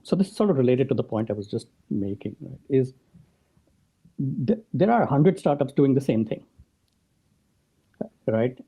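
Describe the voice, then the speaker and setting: A man's voice: mid-range voice, breathy edge, muffled recording. A man being interviewed as a podcast guest, explaining his ideas in conversation and often checking in with a "right?". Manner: explanatory, tags points with "right?".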